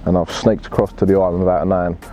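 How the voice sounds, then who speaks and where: A man's voice: low-pitched, level tone, fast talker, mellow, dull audio, soft background music. A man telling a fishing story in blunt, laddish slang and swearing freely. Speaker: angler telling his story. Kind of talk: casual storytelling.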